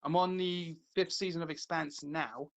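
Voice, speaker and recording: A British man with a fairly high voice, talking in loose, animated podcast banter. He jokes constantly, breaks into laughter, and keeps the chat rolling. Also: moderate pace, vocal fry. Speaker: podcast co-host. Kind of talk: casual chat.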